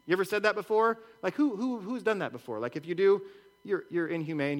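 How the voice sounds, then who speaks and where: A man's voice: high-pitched, fairly quick, fairly bright tone. A man preaching a sermon in a conversational way, with rhetorical questions and repeated words. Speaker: pastor.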